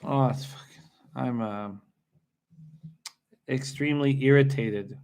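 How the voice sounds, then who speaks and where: A man's voice: medium pitch, slow, a little mellow, clear, resonant tone. A man streaming live horse race betting, talking to his chat and muttering curses when his horse fails. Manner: frustrated, swearing, muttering to himself.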